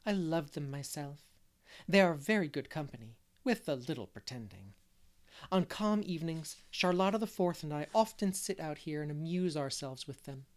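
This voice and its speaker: A man reading aloud, voicing a lively middle-aged unmarried woman who loves make-believe and gushes over her guests. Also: on the high side, moderate pace, close to an everyday voice. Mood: fond. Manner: gushing, fond of make-believe. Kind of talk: storybook character reading.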